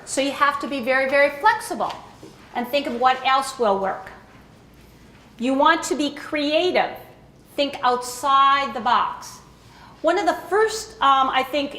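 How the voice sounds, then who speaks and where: A woman's voice: sits high, a bit bright, echoey room, a little hiss or hum. A woman giving an informal talk to a room of caregivers, chatty and often asking "okay?" to check in with the audience. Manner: conversational, checks in with frequent "okay?". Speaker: presenter at a caregiver education talk.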